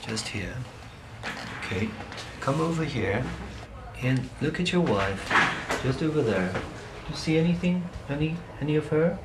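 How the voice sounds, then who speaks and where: A man working as an eye surgeon, speaking calmly and reassuringly with frequent ums, in a documentary interview and at a patient's bedside. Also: on the high side, unhurried, noisy background. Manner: calm, reassuring, hesitant with ums.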